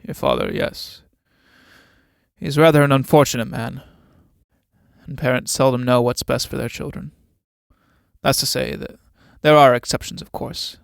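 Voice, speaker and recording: A domineering old military captain in a read-aloud play, measured and condescending in every command. A man acts him out in a dry, close recording with a mid-range voice. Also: mid-range voice, expressive, vocal fry, dry recording.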